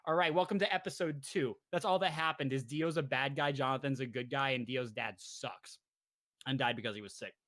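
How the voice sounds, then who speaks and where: A young man casually recapping a show for his co-hosts, rambling and jokey, slipping into quick character voices. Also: medium pitch, a bit bright, dry recording. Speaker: podcast host presenting slides.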